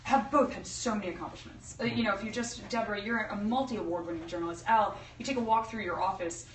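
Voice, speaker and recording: A woman's voice: mid-range voice, fast talker, slight background noise. A woman interviewer asking questions in an upbeat manner and laughing along. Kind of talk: casual interview. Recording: roomy echo, far from the mic.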